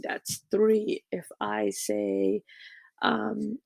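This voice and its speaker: Gravelly-voiced woman teacher explaining a poem. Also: medium pitch, lively intonation, very slow, noisy background. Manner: explanatory, uses fillers and checks in with "okay?". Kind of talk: recorded lesson for students.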